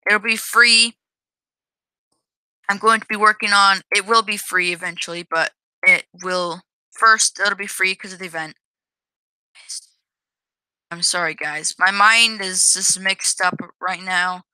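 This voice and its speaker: Slow, very bright-voiced woman narrating gameplay. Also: mid-range voice, fairly even intonation, clear, resonant tone, no echo, rough recording. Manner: hesitant, many restarts and self-corrections. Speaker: game developer showing own game. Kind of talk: casual gameplay commentary.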